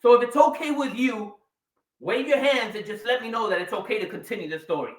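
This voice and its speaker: A man in his forties giving a keynote talk on stage, telling a personal story with dramatic pauses and sudden swings between quiet and loud. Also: very high-pitched. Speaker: keynote speaker. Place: large event room or hall. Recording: echoey hall, voice a bit distant.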